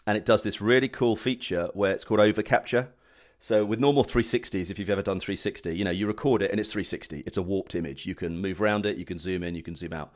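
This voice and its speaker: A man telling a travel story and chatting about gadgets on a casual show, rambling with restarts. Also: fairly low pitch. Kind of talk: casual chat.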